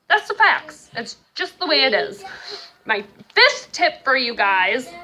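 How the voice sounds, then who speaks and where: A young mother vlogging tips to her viewers, her voice high and bright. She swings up and down in pitch as she talks, earnest and emphatic, saying key lines twice for weight. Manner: earnest, emphatic, repeats points for stress. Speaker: vlogger and stay-at-home mom of five. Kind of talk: casual advice vlog to camera.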